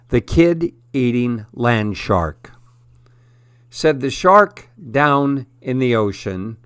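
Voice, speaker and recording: Slow deadpan male storyteller. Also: mid-range voice, clear, resonant tone, no echo, studio quality. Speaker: radio host. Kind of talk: reading stories aloud.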